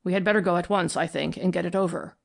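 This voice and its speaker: A woman voicing a cautious gentleman companion who speaks in a level, formal way in an audiobook. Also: high-pitched, steady tone, fast talker, gravelly.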